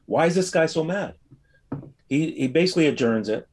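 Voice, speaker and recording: A man casually recounting a personal experience, telling it as a rambling, animated story with frequent fillers. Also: a little high, moderate pace. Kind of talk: casual anecdote.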